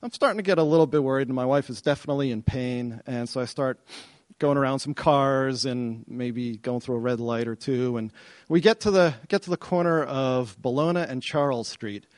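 A middle-aged man telling a personal story to an audience, animated and excited, often repeating himself as he goes. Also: medium pitch, moderate pace, no room sound. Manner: animated, excited retelling with self-interruptions and repeats.

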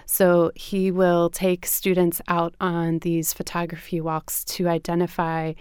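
A woman guest explaining her arts education work in a measured way, with frequent fillers. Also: on the low side, monotone, a little mellow, clear, resonant tone, no echo, studio quality. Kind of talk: interview answers.

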